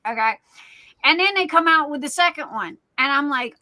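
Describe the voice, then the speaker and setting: A woman's voice: sits high, lively intonation, normal speed, pushed and bright, low-quality recording. A middle-aged woman, chatting casually as a guest on a live stream. She tells stories in a rambling way and often repeats and restarts her words. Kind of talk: casual chat.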